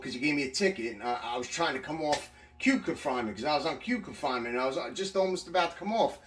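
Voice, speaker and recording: A man with a mid-range, slightly bright voice talks fast and animatedly, barely pausing, as he casually tells stories about prison. His delivery is profane and rambling with many restarts, recorded far from the mic in an echoey room.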